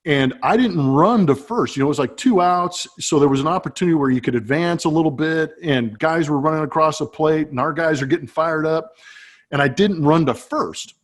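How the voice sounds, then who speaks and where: A man in his forties, a former baseball player, telling a self-deprecating story in a relaxed, chatty way with many fillers. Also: a little high, a little fast. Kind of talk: casual anecdote telling.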